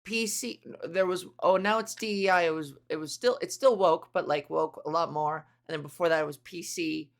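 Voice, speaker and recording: A woman's voice: lowish voice, moderate pace, hardly any pauses. A woman comedian hosting her podcast, riffing in a rambling, profane, self-interrupting monologue.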